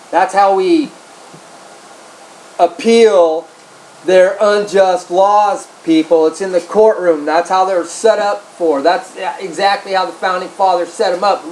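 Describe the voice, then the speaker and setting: High-voiced man, angry profane rant, faint hiss behind. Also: poor audio. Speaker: video blogger. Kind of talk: profane political rant to camera.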